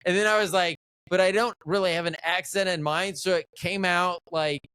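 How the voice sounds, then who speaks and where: A man's voice: high-pitched, fairly even intonation, normal speed, bright, forceful tone, clear, resonant tone, dry recording. A middle-aged American man hosting a casual interview, thinking aloud and rambling with frequent restarts. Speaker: podcast host.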